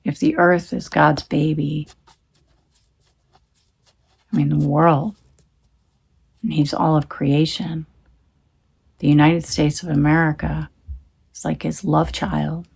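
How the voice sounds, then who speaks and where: A woman's voice: low-pitched, steady tone, slow, creaky, pauses often, a little mellow, husky. A woman talking into her phone in a rambling, emphatic monologue, swearing when she gets heated. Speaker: tarot reader.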